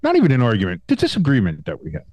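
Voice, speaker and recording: A man's voice: mid-range voice, very fast, no room sound. Rambling male sports podcaster with a cold. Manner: rambling, animated, swears, many restarts. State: getting over a cold. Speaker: podcast co-host. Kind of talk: casual sports chat.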